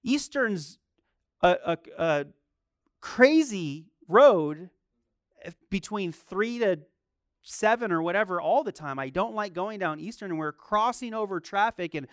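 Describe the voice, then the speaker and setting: A man's voice: high voice, expressive, measured pace, a bit bright, dry recording, clean studio sound. A man preaching a sermon as a pastor, telling stories, asking rhetorical questions and acting out the voices he quotes.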